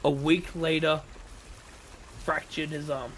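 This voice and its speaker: Man, high-pitched voice, casual stream chat, heated opinionated rant, swears a lot, faint background noise. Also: slow pace. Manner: animated, opinionated ranting with swearing. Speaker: streamer co-host.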